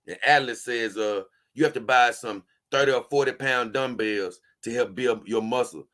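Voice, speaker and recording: Bright-voiced man ranting casually. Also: mid-range voice, moderate pace. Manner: emphatic and repetitive, slangy and informal; trips over his words, frequent restarts. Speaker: doll-collecting vlogger. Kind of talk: casual vlog chat, answering viewer comments.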